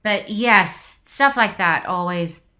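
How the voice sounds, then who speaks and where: A woman's voice: mid-range voice, lively intonation, slow pace, bright, forceful tone. A woman in her forties, an actress being interviewed, speaking reflectively with many restarts and getting choked up. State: emotional, choked up. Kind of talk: casual video interview.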